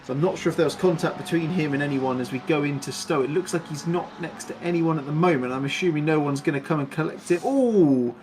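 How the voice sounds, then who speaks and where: Excitable man calling a sim race. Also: on the high side, slight background noise. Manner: excitable, chatty, laughs often, rapid play-by-play. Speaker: lead race commentator. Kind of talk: sim racing live commentary.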